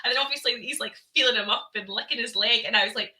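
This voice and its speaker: A woman co-hosting a podcast, chatting about films in an animated way with frequent laughter. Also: a little high, brisk, few pauses, poor audio. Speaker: podcast co-host. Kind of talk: casual film review chat.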